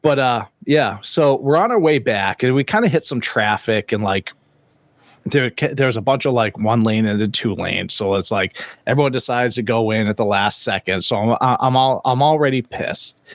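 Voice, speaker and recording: A man co-hosting a fishing podcast, telling a story with plenty of swearing and animated energy. His voice sits at an ordinary pitch and sounds close and dry, with no room around it. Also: normal speed, no echo. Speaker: podcast co-host. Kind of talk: casual chat.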